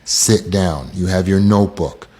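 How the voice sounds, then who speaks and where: A man's voice: low voice, measured pace, darkish tone, husky. A man with an American accent giving a casual self-help talk, acting out quoted lines in shifting voices.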